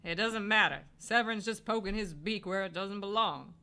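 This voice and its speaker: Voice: medium pitch, normal speed, bright, forceful tone. A player voicing a hot-tempered male falcon lawyer who snaps back indignantly. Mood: curt. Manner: indignant, snappy.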